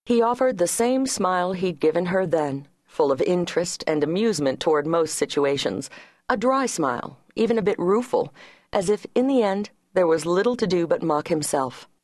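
A woman with a fairly low voice reads an audiobook in a measured, even way. The recording is dry and close, with no room sound. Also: no echo. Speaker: audiobook narrator. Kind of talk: scripted audiobook narration.

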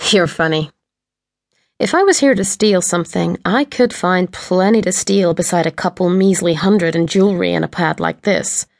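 A woman's voice: lowish voice, moderate pace, gravelly, no echo, clean studio sound. A woman voicing a sardonic male intruder who taunts in a mock cheery tone. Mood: taunting.

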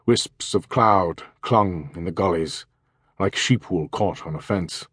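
A man narrating an audiobook in a measured, even reading. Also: low-pitched, slightly rough, no room sound, clean studio sound. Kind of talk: scripted narration.

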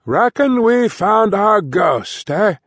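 A man's voice: high voice, big pitch swings, takes it slowly, a bit bright, no echo, studio quality, pitched above the performer's own voice, heavily acted. A man voicing a blunt, alert ship captain who talks in clipped seaman's phrases tagged with "eh" and "aye". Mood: gruff. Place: dry studio booth.

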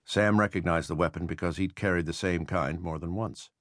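Male audiobook narrator, very low voice, measured, steady, dry studio sound. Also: dry recording. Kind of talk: scripted narration of a historical novel.

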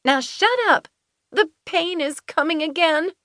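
A woman voicing a shrill, furious woman in labor. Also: measured pace, a bit bright, dry recording, clean studio sound. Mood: hostile, wailing. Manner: snapping, wailing, hostile. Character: angry young woman in painful labor.

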